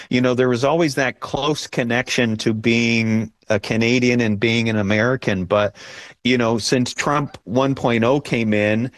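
A man's voice: mid-range voice, dry recording. Earnest middle-aged man, dry sound. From Chicago. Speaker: guest, American-born living in Canada. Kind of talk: casual discussion.

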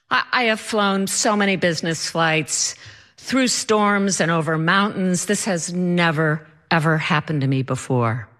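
A woman telling a personal story with animated, comic timing. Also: on the low side, a little slow.

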